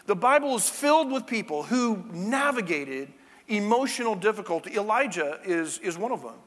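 A man's voice: high-pitched, big pitch swings, normal speed, a bit bright. A male pastor giving a conversational sermon, with chatty, jokey asides to the congregation, in a church sanctuary. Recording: long church-hall reverb.

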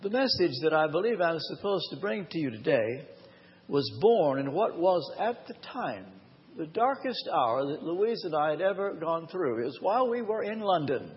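A man's voice: fairly high pitch, big pitch swings. Preacher man in an echoey hall. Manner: earnest, personal storytelling with emphatic slowed phrases. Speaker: pastor. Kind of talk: sermon. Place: church or large hall, live. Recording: long hall reverb, dull lo-fi sound.

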